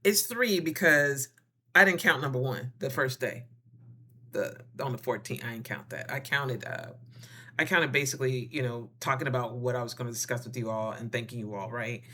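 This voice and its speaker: This wellness vlogger talks at a moderate pace and medium pitch, giving lighthearted relationship advice. Playful and lively, she addresses her audience with endearments like darling and honey, drops slang, and plays out small scenes.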